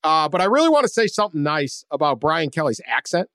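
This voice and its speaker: A man hosting a sports podcast in casual chat, joking and animated, often trailing off quietly. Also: on the high side, fast talker, no echo, clean studio sound. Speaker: podcast host.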